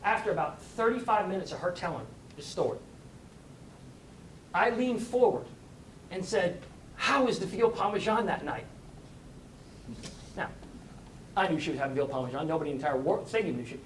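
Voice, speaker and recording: A man telling a story as a motivational speaker, animated and rising to high bursts of excitement. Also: brisk, pauses often, roomy sound, recorded from a distance, a little hiss or hum. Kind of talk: storytelling talk.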